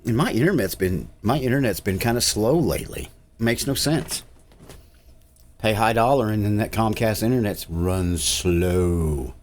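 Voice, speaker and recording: Laid-back low-voiced man. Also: expressive, unhurried, darkish tone. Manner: easygoing, rambling, with filler uhs. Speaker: tech channel host. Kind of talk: casual screen-recorded tutorial narration.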